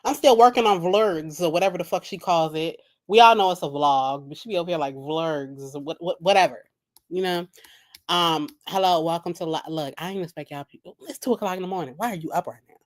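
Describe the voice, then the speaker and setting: Woman, lowish voice, casual live reaction chat, blunt, swears a lot. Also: fast talker. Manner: blunt, profane, laughing at own jokes. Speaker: reaction video host. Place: home at night.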